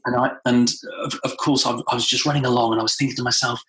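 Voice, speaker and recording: Man, podcast guest, animated storyteller, mid-pitched voice, echoey room. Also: quick pace, hardly any pauses. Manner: animated storytelling, acts out quotes with rising pitch. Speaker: guest, time management trainer. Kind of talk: podcast interview. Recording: roomy echo.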